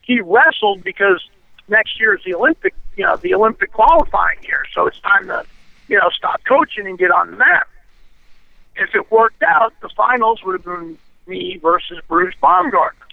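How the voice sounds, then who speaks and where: A man's voice: sits high, animated, normal speed, gravelly, no echo. A man giving an interview, telling his story bluntly and animatedly, with plenty of swearing and "you know". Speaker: interview guest. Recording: tinny phone line, dry.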